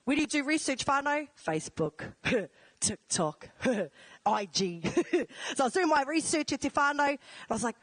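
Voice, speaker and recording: A woman's voice: sits high, very animated, normal speed, dry recording. A New woman introducing a speaker on stage at a live event, playful and teasing with the young crowd. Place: large indoor venue.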